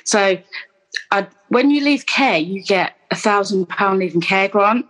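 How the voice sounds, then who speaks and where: A woman's voice: medium pitch, lively intonation, a little slow, fairly bright tone, low-quality recording. A woman, telling her personal story in an interview in a candid, rambling way with many restarts and asides. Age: 30s. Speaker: guest.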